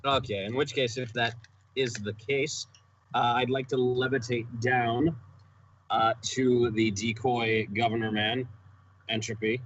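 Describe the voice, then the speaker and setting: A man's voice: mid-range voice, little pitch movement, measured pace, a bit bright, slight background noise. Man, tabletop player, casual, profane, joking, dull lo-fi audio. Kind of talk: casual tabletop game chat.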